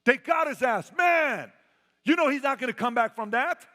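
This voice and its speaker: A man putting on the voices of players loudly mocking a fallen opponent. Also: very high voice, expressive, moderate pace, long reverb tail, voice pushed up, exaggerated voice. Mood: gloating. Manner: loud, mocking trash talk. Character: jeering male players gloating over a downed rival.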